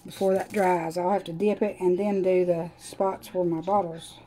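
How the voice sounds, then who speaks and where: Live-stream host, woman, country twang, warm mellow tone, rambling chatty demo talk. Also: fairly low pitch, steady tone, moderate pace, a little hiss or hum, low-quality recording. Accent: Southern US country twang. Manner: chatty, rambling, talks to viewers while working. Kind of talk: casual live demo chat.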